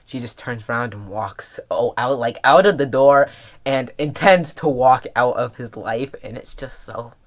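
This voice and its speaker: A webcomic reviewer in an excited casual review, gushing and filler-heavy, jumping into high squeals and dropping to soft murmurs. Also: measured pace, a little hiss or hum. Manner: drops to soft, low murmurs when serious.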